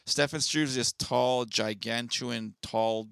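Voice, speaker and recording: A man with a bright, forceful tone chatting casually on a podcast, recorded close and dry with no room sound. He is laid-back and walks through the schedule like a rundown. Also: mid-range voice, fairly even intonation, slow, vocal fry, clear, resonant tone, dry recording. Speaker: podcast co-host. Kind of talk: casual chat.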